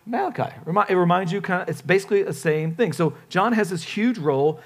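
A man preaching a sermon as pastor, casual and joking, with lively emphasis. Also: high-pitched, quick pace.

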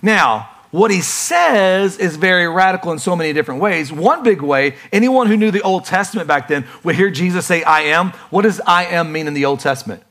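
A man preaching a sermon in a lively, conversational way, acting out quick voices for the people in his stories. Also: high voice. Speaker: pastor.

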